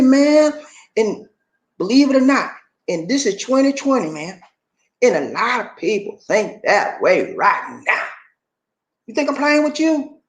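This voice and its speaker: A high-pitched YouTube creator delivers a casual vlog monologue in an animated, preachy manner. He keeps addressing the viewer as "man."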